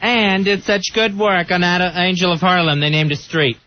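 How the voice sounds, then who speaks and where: Man, radio co-host, joking, high voice, muffled broadcast sound. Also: fairly even intonation, normal speed, dry recording. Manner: joking, laughs along. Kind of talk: casual radio banter.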